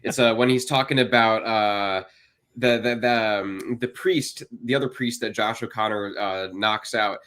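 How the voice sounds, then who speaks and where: A man on a film podcast panel, excitable and gushing as he talks. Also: on the low side, measured pace, smooth. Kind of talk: casual film discussion.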